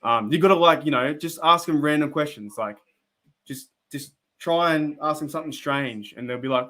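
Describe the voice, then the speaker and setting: A man's voice: on the high side, moderate pace, pushed and bright. A young Australian man hosting a casual live stream, chatting to viewers in a rambling way with lots of restarts and fillers. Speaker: live stream host reacting to football.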